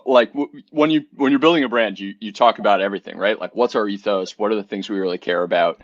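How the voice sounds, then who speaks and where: A man's voice: fairly low pitch, fast talker, no room sound, highs cut off. A man, a whiskey brand co-founder, chatting animatedly as a guest in an interview, often restarting and repeating words. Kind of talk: casual conversational interview.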